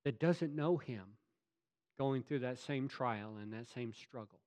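A pastor delivering a sermon, emphatic and swinging from loud to hushed, asking rhetorical questions of the congregation. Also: male voice, medium pitch, unhurried.

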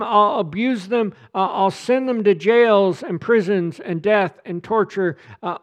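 A man's voice: sits high, a bit bright, voice pushed up. A man voicing a boastful, cruel male devil as he lists his threats.

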